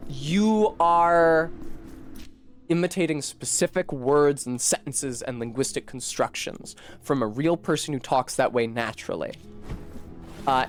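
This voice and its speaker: A talkative man with a Philadelphia-tinged accent, chatting casually and info-dumping while streaming a game, swearing now and then. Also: mid-range voice.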